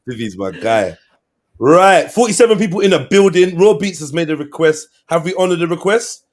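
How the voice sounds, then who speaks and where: A man, hosting a live stream and chatting casually with slang and shout-outs to viewers. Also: fairly high pitch, animated, moderate pace, pauses often. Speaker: livestream host.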